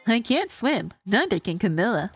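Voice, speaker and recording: A woman's voice: medium pitch, big pitch swings, normal speed, breathy edge, soft background music, pitched above the performer's own voice. A woman reading aloud for a determined young woman from a game, earnest and matter-of-fact.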